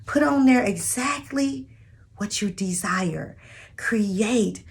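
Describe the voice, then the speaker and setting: A woman's voice: mid-range voice, lively intonation, slow pace, creaky, breathy edge. A woman vlogging dating advice to viewers she calls sis, in a chatty, preachy, spiritual way. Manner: spiritual, encourages prayer and manifesting. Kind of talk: casual motivational talk to camera.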